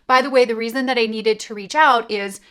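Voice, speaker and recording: Canadian lady coaching on sales, upbeat and chatty, voice a touch on the high side. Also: fairly even intonation, a little fast, a bit bright, clean tone. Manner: upbeat, emphatic, conversational. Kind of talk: direct-to-camera coaching talk.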